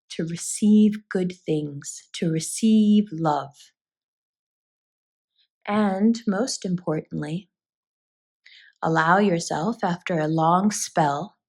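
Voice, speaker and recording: A woman giving a spoken tarot reading, talking straight to her viewers in an earnest, reassuring way. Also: lowish voice. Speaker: tarot reader.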